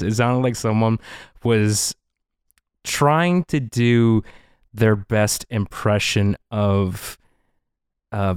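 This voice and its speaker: A man's voice: fairly low pitch, no room sound, clean studio sound. Skeptical wry man podcast co-host. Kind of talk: casual chat.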